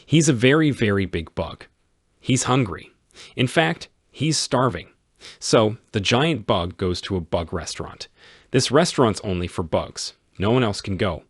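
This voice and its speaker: A man reading a simple story aloud for English learners, with clear, emphatic storytelling. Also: fairly low pitch, animated, a little slow, no echo, studio quality. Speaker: story reader.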